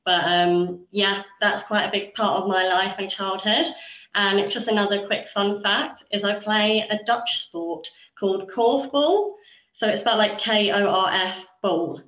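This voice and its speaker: A woman from the UK with a nasal voice, hosting a relaxed, chatty video call. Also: medium pitch, a little slow, lo-fi sound. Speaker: host. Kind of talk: casual video call chat. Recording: echoey room.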